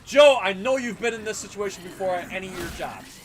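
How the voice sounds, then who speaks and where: A man in his thirties hosting a gaming livestream, telling profane, animated stories with frequent laughter. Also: high voice, fairly quick, background noise. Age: 30s. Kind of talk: casual livestream chat and storytelling.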